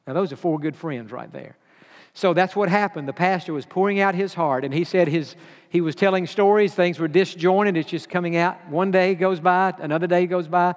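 High-voiced man preaching in a reverberant hall. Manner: slows and drops low for quoted lines, repeats words. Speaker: pastor. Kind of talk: sermon storytelling.

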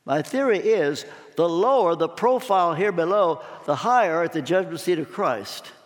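A man preaching a sermon, telling stories expressively and dropping suddenly to quiet tones. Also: on the high side, lively intonation, moderate pace. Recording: long hall reverb.

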